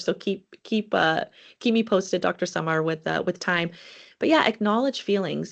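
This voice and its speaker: A woman's voice: mid-range voice, creaky. A woman presenting an educators' webinar in a conversational, earnest way, with frequent fillers and restarts.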